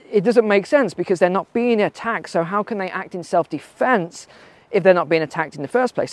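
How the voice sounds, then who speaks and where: A man's voice: high voice, dry recording. A man giving casual spoken commentary while walking on a mountain trail, asking rhetorical questions and using frequent fillers. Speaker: vlogger.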